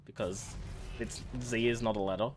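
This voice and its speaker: An Australian streamer chatting casually while gaming, animated and avoiding swear words. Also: medium pitch, normal speed, over loud music. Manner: animated, swaps swears for "fudge".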